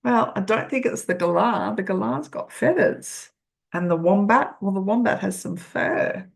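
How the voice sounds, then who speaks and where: An older woman reading a children's picture book aloud, gently asking the listener questions. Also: medium pitch, normal speed, vocal fry.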